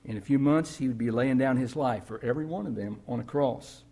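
Male pastor, husky mid voice, conversational storytelling sermon. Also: mid-range voice, fairly quick, dark tone. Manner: storytelling, conversational preaching with emphatic rises.

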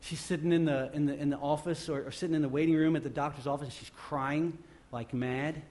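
Man preaching, swinging loud and soft. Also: a little fast. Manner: animated preaching that swings between loud emphatic bursts and quiet low passages; repeats and restarts phrases while speaking off the cuff. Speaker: pastor. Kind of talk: sermon.

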